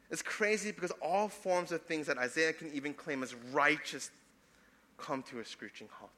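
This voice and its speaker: A young adult man, a pastor preaching a sermon, swinging between loud emphatic passages and soft hushed ones. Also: high voice, big-room sound.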